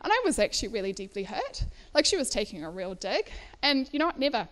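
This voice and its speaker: Brief: woman in her 30s from South Africa, speaking at a live event, chatty with frequent laughs and fillers, voice sitting on the higher side. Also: very animated, fast, a bit bright. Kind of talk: personal talk to a live audience. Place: indoor event venue.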